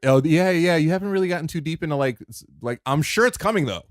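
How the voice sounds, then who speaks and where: Lively, rambling man on a podcast. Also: a little high, fast talker, no echo, studio quality. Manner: rambling, jokey, self-deprecating. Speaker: podcast co-host. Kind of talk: casual chat.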